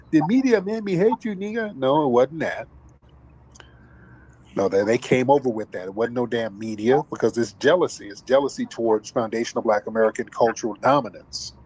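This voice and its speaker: A man's voice: on the low side, fairly even intonation, a little fast, darkish tone, husky, rough recording. A man hosting a commentary talk show, talking emphatically and profanely like a preacher. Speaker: host.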